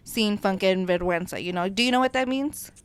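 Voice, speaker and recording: Smooth-voiced woman podcast host. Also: mid-range voice, a little fast, no echo. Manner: laughing, cursing, teasing. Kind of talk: casual chat.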